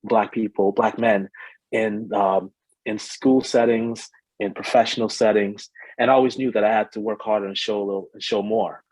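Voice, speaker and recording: Low husky-voiced man, reflective. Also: steady tone, moderate pace, a little mellow, no room sound, rough recording. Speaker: panelist. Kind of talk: panel discussion.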